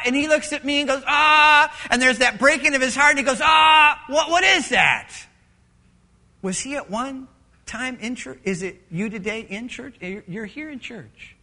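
A male pastor delivers a dramatic sermon in a high, very bright voice. He swings from loud, emphatic lines to hushed, almost whispered asides. The church sanctuary leaves a long reverb trailing behind his words.

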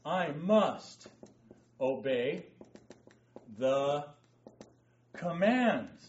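This Bible study teacher has a high voice with a darkish tone and lively intonation, drawing out words and pausing often. He leads his class interactively, speaking emphatically, quizzing them and frequently saying "okay?". It's recorded in an echoey room on a distant, dull mic.

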